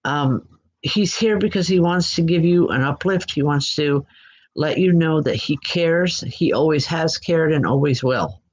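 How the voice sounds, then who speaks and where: A woman giving live online psychic readings in a gentle, reassuring way, often pausing and restarting her sentences. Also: deep voice, slightly rough, rough recording. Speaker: psychic medium. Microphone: computer mic.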